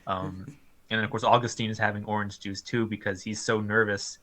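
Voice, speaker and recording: Bright-voiced man chatting with many ums. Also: lowish voice, fairly quick. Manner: animated, lots of ums and likes, laughs often. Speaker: film review co-host. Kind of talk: casual film review chat.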